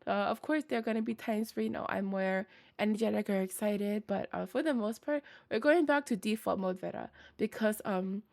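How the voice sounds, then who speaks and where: A woman's voice: mid-range voice, a little fast, creaky, a little mellow. A young woman streamer with a scratchy, tired voice, chatting casually with viewers, rambling with many fillers and frequent laughs. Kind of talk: casual livestream chat with viewers.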